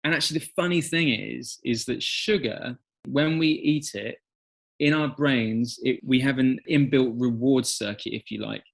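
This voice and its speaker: An English man in middle age, speaking as a podcast guest in relaxed conversation. He tells stories and acts out quotes with energy, his voice sitting at an ordinary pitch for a man. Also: moderate pace, gravelly. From England. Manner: animated storyteller, acts out quotes. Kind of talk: conversational interview.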